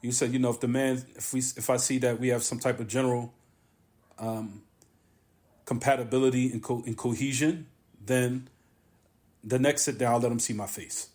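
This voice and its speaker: A man of middle pitch gives a religious lesson in a mosque. He talks with emphasis, circles back to repeat his key lines, and pauses between phrases. Arabic terms run all through his teaching. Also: fairly even intonation, a little mellow. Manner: repetitive, emphatic, drawn-out pauses. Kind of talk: religious lesson on a classical text.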